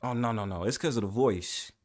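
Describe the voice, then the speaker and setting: A man with a New York accent hosting a live stream, teasing his guest in casual banter with frequent laughs. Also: lowish voice. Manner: playful, teasing, quick to laugh.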